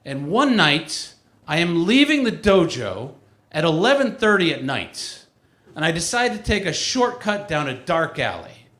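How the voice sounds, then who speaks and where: A man in his forties performing a stand-up comedy set in a live venue, telling stories with lively acted-out quotes. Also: on the high side, a little slow, reverberant. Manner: animated storytelling with acted-out quotes. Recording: live room with loud audience laughter. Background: audience laughing.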